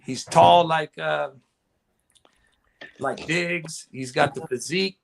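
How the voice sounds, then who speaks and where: Gravelly-voiced excited man chatting. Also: fairly high pitch, takes it slowly, a little hiss or hum. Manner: excited, rambling fan talk. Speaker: podcast guest. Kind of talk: casual chat.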